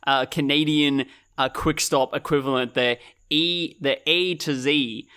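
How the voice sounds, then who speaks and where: A man's voice: a little high, fairly even intonation, a little slow, bright, forceful tone, clear, resonant tone. A man co-hosting a podcast, chatting casually about films, laid-back and theorizing, with some hesitations. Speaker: podcast co-host. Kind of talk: casual film discussion.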